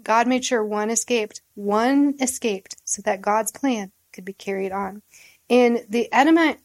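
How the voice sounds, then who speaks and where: A woman's voice: mid-range voice, a little mellow, dry recording. A woman leading a Bible study, reading scripture aloud and explaining it in an earnest, conversational way. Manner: earnest, reads verses then comments conversationally. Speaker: Bible teacher.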